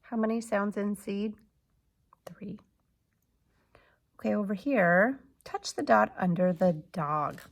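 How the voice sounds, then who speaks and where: A woman leads a phonics lesson for young children at a very slow, patient pace. She sounds out each letter carefully, and a gravelly edge of fry runs through her voice. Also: medium pitch. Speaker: teacher.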